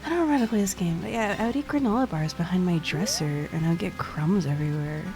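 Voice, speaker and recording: A woman's voice: on the low side, quick pace. A young woman streaming a video game, chatting in a rambling, giggly way and swearing casually. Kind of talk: casual gameplay chat. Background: game music.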